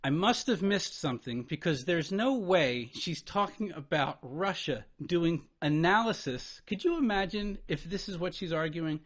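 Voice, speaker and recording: A man's voice: on the high side, expressive. A man giving a profane, incredulous commentary as he reacts to a debate clip, swearing and venting in disbelief. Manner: exasperated, incredulous, swearing, talks over paused clips.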